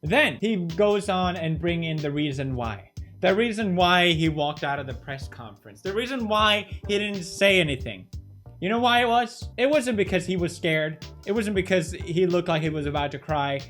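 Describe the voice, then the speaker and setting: Male commentary host, high voice, sarcastic and teasing, light music underneath. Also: expressive, normal speed, fairly bright tone. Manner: sarcastic, mocking, laughing asides. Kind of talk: reaction commentary.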